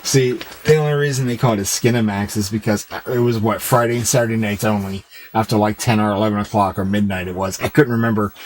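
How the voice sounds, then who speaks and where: A man's voice: on the low side, steady tone, fast talker, hardly any pauses, a little hiss or hum, poor audio. A man streaming games, chatting casually with viewers and rambling loosely as he reads their comments aloud. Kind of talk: casual chat with stream viewers while gaming.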